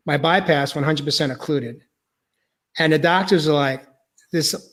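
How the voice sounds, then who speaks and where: A male podcast host sharing a personal testimony, earnest and halting, choked up and near tears. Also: a little high, a bit bright.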